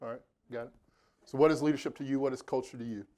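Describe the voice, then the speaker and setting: A man's voice: medium pitch, steady tone, quick pace, mellow. A man in his forties from Indianapolis, giving a motivational keynote in a conference room, chatty and joking with the audience. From Indianapolis, United States. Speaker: keynote speaker. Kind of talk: live motivational keynote talk.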